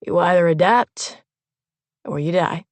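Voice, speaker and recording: Woman voicing a folksy armed man, unbothered, slow plain talk, lowish voice, dry close read, audiobook. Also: dry recording, close to an everyday voice. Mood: folksy, matter-of-fact. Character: man, calm armed driver, folksy and ruthless.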